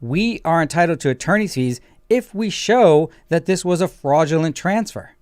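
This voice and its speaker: Brief: emphatic male lawyer-host, a touch high-pitched, close dry mic. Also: animated, normal speed, a little mellow, clear, resonant tone, dry recording. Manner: emphatic, explanatory. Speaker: attorney and show host. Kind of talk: legal commentary talk show.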